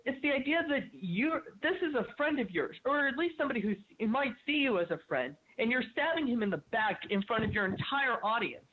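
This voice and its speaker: A man calling in to a talk show, ranting angrily with profanity and many halting fillers. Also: very high voice, sing-song. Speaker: caller. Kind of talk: ranting call-in comment. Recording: tinny phone line.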